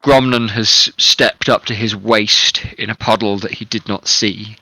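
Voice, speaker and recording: Slow, bright-voiced male game master. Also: lowish voice, fairly even intonation, breathy edge, no room sound, rough recording. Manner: measured, descriptive narration. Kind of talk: narrating a tabletop game.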